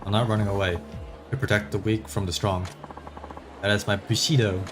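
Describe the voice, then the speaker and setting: An earnest young foreign swordsman speaks in a polite, formal way, as a man reads him. The voice sits low and plain. Game music runs underneath. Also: little pitch movement, fairly quick, natural voice. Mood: resolute. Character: earnest young foreign male samurai student.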